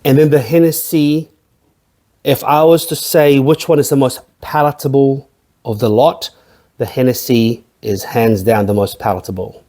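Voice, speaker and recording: Mellow-voiced man chatting through a tasting. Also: medium pitch, fairly even intonation, normal speed. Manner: rambling, chatty, jokey. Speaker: host of a spirits review channel. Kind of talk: casual tasting review.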